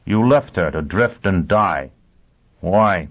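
A man voicing a vengeful, driven man who questions with calm ferocity. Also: sits low, takes it slowly, breathy edge, phone-quality sound, exaggerated voice. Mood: menacing. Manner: cold, intense interrogation.

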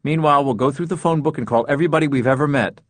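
A man voicing a bossy middle-aged wife who barks orders in a brisk, commanding way, in a storybook reading. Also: fairly high pitch, dry recording, voice pushed up, lightly acted.

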